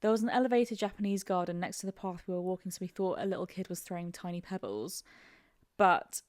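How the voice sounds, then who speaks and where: A woman co-hosting a podcast, telling stories with easy, relaxed chatter and quick laughs. Her voice sounds dry and close. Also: fairly low pitch, dry recording. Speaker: podcast co-host. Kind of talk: casual chat.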